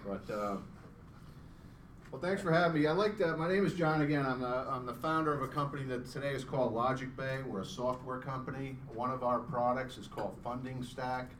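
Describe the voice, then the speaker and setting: Middle-aged male founder, casual self-deprecating live pitch; distant mic, faint hum behind. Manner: chatty and self-deprecating, joking with the crowd. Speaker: startup founder presenting. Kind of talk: live pitch presentation to an audience. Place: event room with an audience. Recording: roomy sound from a distance, faint background hum.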